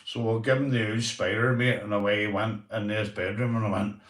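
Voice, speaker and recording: A man's voice: fairly low pitch, little pitch movement, fairly quick, a bit bright, roomy sound, far from the mic. A Northern Irish man hosting a casual livestream, chatting to viewers and telling sweary stories. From Northern Ireland. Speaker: livestream host.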